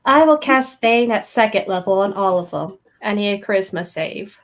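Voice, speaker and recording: A woman at a tabletop game talks in a mid-pitched, easygoing voice. She explains her spells and rolls casually, with a slightly weary tone. Her delivery is relaxed and conversational. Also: moderate pace. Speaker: player.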